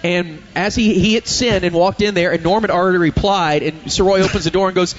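A male radio host telling a story in casual on-air chat, animated. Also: sits high, brisk, lo-fi sound, a little hiss or hum.

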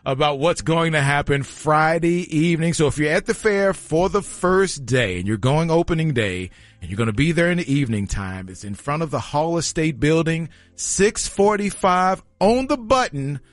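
A man's voice: on the high side, moderate pace, few pauses, no echo. A man, bantering on a radio show, laughing and joking about himself. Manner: laughing, self-deprecating, animated. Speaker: radio co-host. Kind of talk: casual morning show banter.

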